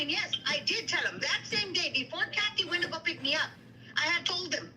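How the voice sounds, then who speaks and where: Woman, very high bright voice, heated livestream rant, faint noise behind. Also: expressive, rough recording. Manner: indignant, rapid retelling with quoted dialogue, mixes Spanish.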